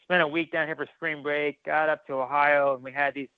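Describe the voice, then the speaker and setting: A man's voice: a little high, level tone, fairly quick, clear, resonant tone, no room sound. A man, a former military firefighter, telling his story as a podcast guest, acting out dialogue with many restarts. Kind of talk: casual storytelling interview. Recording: tinny phone-like line.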